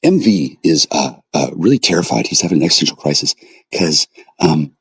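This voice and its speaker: A man's voice: very deep voice, expressive, fairly quick, slight background noise. A man delivering a furious, confrontational rant to the camera, swearing constantly. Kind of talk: angry profane rant.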